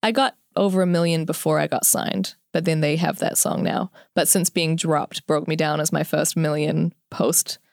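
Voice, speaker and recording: Young New woman, giggly rambling guest, lower voice, dry recording. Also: steady tone, moderate pace, creaky, hardly any pauses, a little mellow, no room sound. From New Zealand. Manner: giggly, chatty, trails off mid-sentence. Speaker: guest musician. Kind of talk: casual interview chat.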